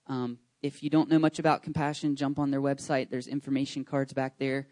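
During a church service, a thirty-something male pastor gives casual announcements in a mid-range voice, a little fast and echo-free. His enthusiastic, excitable delivery rambles, with frequent fillers and restarts.

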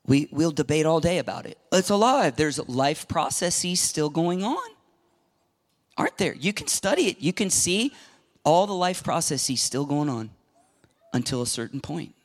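With a fairly high voice and a slightly slow delivery, a middle-aged pastor preaches emphatically and with animation. He acts out the voices he quotes and at times lowers to a whisper.

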